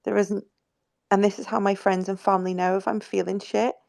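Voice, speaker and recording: Soothing woman with a gravelly voice. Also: mid-range voice, little pitch movement, fairly quick, a little mellow, dry recording, clean studio sound. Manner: soothing and reassuring, swears casually. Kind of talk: casual live group chat.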